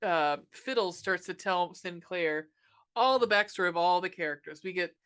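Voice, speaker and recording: A woman rants through a casual podcast movie review, sarcastic and swearing freely. Her voice is bright and sharp, with filler words and quick asides. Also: lowish voice. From United States. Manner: ranting, sarcastic, swears a lot, frequent laughs and filler. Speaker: podcast host reviewing a film.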